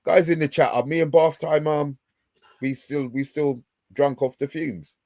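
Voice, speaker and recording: A man's voice: on the high side, fairly even intonation, unhurried, darkish tone. A young man co-hosting a casual football chat, restarting his sentences often and using loose slang. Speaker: podcast co-host.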